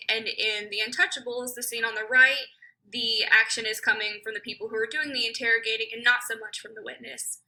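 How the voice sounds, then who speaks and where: A young woman casually narrating a film comparison, relaxed with a few fillers. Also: a little high, poor audio. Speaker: video essay narrator. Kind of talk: casual film analysis commentary.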